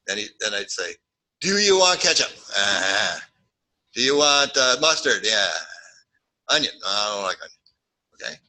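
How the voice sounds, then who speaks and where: Male statistics lecturer, sharp bright tone, playful classroom delivery. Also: on the low side, vocal fry, breathy edge, low-quality recording. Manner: jokey, animated, acts out little scenes.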